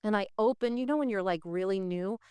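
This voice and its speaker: A woman's voice: medium pitch, a little fast, mellow, smooth, dry recording, clean studio sound. A woman guest telling a personal faith story with candid feeling, talking straight and acting out the voices of the people in it. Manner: emotional, acts out the voices in her story; straightforward and frank. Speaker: guest sharing her faith testimony.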